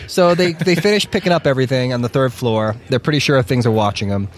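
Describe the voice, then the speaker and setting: A man co-hosting a podcast, telling a story in a casual, animated way, with profanity and plenty of fillers. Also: mid-range voice, fast talker. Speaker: podcast co-host.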